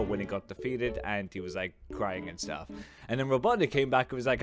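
A man hosting a gameplay video, casually joking and recapping the story, now and then bursting out loudly. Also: fairly low pitch, expressive, fairly quick. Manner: offhand, joking storyteller with sudden loud outbursts. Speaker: gaming video host. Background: game music.

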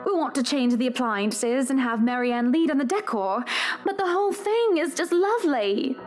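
Refined wealthy game lady; genteel and gushing, bright high voice that swoops around. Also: expressive, moderate pace, soft background music. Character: poised wealthy woman buying a mansion. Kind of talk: game voice acting.

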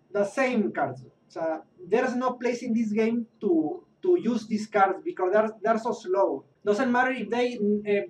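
A man vents his exasperation, repeating himself, cursing and restarting his sentences. He sounds a little far from the mic, with a faint hum in the background. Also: high voice. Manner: exasperated, repetitive, swearing, restarts often. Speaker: Twitch streamer. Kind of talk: rant about a card game.

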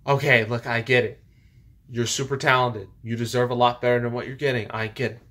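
A man's voice: mid-range voice, little pitch movement, brisk, pushed and bright, close to an everyday voice. A man voicing a defiant male pro wrestler in a fan parody skit, lecturing and mocking his rival. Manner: mocking, lecturing put-downs.

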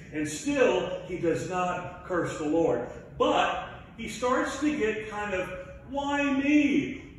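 High-voiced preacher in a booming room. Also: male voice, a little hiss or hum. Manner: conversational storytelling with light humor. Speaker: pastor. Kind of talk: sermon. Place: church sanctuary. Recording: very echoey room, mic at a distance.

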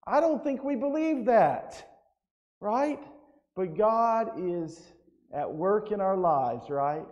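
A man's voice: on the high side, darkish tone, lo-fi sound. A man preaching an evangelistic sermon as pastor, telling stories and often checking in with "right?". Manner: storytelling with frequent "right?" asides. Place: church sanctuary. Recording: long hall reverb.

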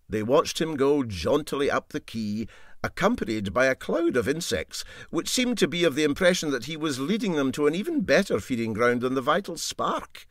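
Expressive man reading a story. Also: mid-range voice, moderate pace, no echo, studio quality. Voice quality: expressive reader. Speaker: narrator.

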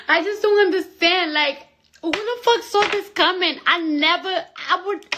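High, bright-voiced young woman ranting profanely. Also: slow, slight background noise. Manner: profane, rambling, theatrical swings from loud to whispery. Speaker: streamer talking to viewers. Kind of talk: casual live-stream rant.

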